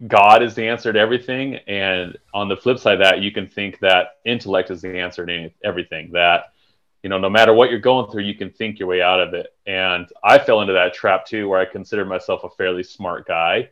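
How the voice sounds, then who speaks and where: A man's voice: deep voice, steady tone, a little fast, fairly bright tone. A man talking candidly and reflectively in a podcast conversation, swearing casually. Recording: dull lo-fi recording.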